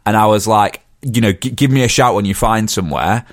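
A man's voice: on the low side, fairly quick, no echo, clean studio sound. A man, rambling through a story in casual podcast chat. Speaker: podcast co-host.

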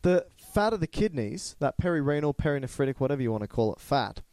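A man's voice: fairly high pitch, very animated, fast talker, a little mellow, dry recording. A man, co-hosting a casual educational podcast, explaining and teasing playfully. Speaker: podcast co-host.

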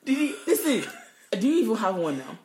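A woman's voice: medium pitch, big pitch swings, brisk, a little mellow, echoey room. A woman co-hosting a podcast, telling stories animatedly with frequent laughter and swearing. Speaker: podcast co-host. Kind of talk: casual chat. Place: Edmonton, Alberta, Canada.

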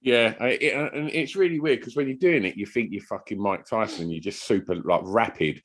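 A man's voice: fairly low pitch, brisk. A man, co-hosting a podcast, chatting casually and telling rambling stories with some swearing. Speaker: podcast co-host. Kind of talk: casual chat.

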